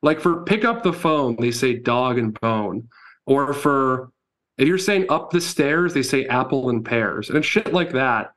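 Man, podcast co-host, casual chat, lively storyteller, swears a lot. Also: mid-range voice, measured pace. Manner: animated storytelling, swears freely. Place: New York.

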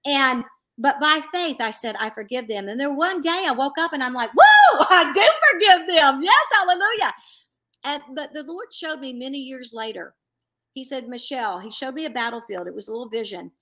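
A middle-aged woman sharing a personal faith testimony in earnest, animated storytelling, acting out what others said. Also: high-pitched, a little fast. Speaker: guest.

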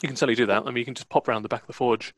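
A relaxed man runs the table as game master, talking through the scene at an easy pace. His voice is mid-pitched and sits dry and close to the mic, with no room sound around it. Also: very fast, dry recording. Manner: relaxed, laid-back, with fillers.

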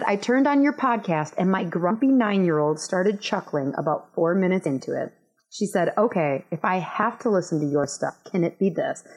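A rambling, self-mocking woman in her thirties hosts a podcast solo. Her voice sits a bit low for a woman, and she wanders through quick asides in casual chat. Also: a little mellow, breathy edge, poor audio. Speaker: podcast host.

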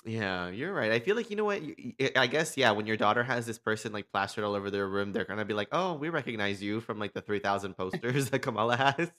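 Bright-toned young man chatting animatedly. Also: lowish voice, fast talker, few pauses. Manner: animated, laughs often, acts out characters' reactions. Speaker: podcast co-host. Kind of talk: casual chat.

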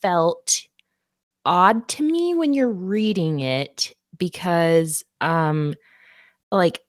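A woman's voice: lowish voice, animated, drawn-out words, no echo, studio quality. A woman co-hosting a casual book podcast, laughing often and getting emotional as she recaps the story. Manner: giggly, emotional, swears casually, reads passages aloud. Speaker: podcast co-host. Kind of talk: casual book-club chat.

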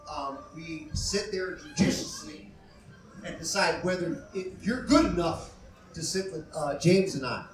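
A man with a slightly high voice delivers a rambling, self-deprecating stand-up set. The sound is roomy and echoey, heard from a distance. Loud noise sits under the voice. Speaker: stand-up comedian and show host. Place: comedy club stage. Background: audience laughter.

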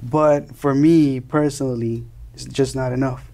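Young man, from Colombia, gravelly, mellow, earnest interview guest, restarts his words. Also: medium pitch, fairly even intonation, unhurried. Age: young adult. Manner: earnest, repeats and restarts words while searching for phrasing. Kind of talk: earnest conversational storytelling.

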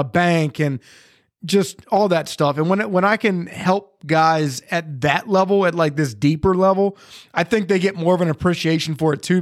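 A man's voice: fairly high pitch, dry recording, clean studio sound. Rambling man hosting a podcast. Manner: relaxed, filler-heavy, rambling. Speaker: podcast host. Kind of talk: casual interview chat.

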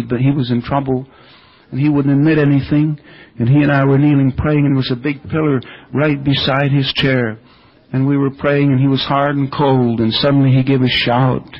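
An older man preaching a sermon, earnestly telling revival stories with quoted speech, on an older radio broadcast. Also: medium pitch. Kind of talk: sermon storytelling about revival. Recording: dull lo-fi radio recording.

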